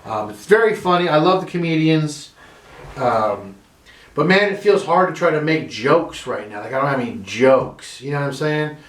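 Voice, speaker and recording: Rambling comedian in an echoey room. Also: male voice, on the high side, expressive, normal speed. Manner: rambling, self-deprecating, profane. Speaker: stand-up comedian. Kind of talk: casual comedy monologue to camera. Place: his own room. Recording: roomy home room echo.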